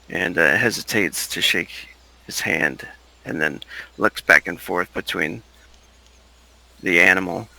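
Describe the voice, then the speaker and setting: Slow gravelly bright-toned man. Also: low-pitched, rough recording. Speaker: player. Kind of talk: tabletop role-play narration.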